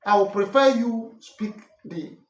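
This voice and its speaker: A Nigerian man with a fairly high voice and an Ikwerre mother tongue explains dialect words in an earnest, emphatic, correcting way. He stands back from the microphone in a roomy, echoing space, with a faint hiss underneath. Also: unhurried. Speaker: language and culture teacher. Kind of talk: explanatory talk on names and dialect. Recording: roomy echo from a distant mic, faint noise.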